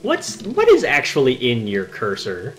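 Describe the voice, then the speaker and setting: A man's voice: medium pitch, huge pitch swings, measured pace, a bit bright, faint music behind. A man co-hosting a game commentary show, wry and joking. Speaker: podcast co-host. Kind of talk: let's play commentary.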